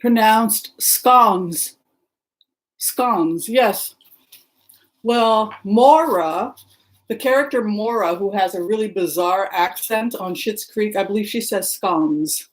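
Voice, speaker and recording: This livestream host is a middle-aged woman from the Seattle area in Washington, taking things slowly in a medium-pitched voice. She chats casually and rambles, greeting viewers by name. It's a low-quality recording.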